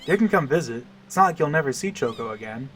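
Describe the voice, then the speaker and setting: A man voicing a large, stately chocobo lord in a game, measured and formal while politely refusing. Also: fairly high pitch, expressive, faint music behind, natural voice.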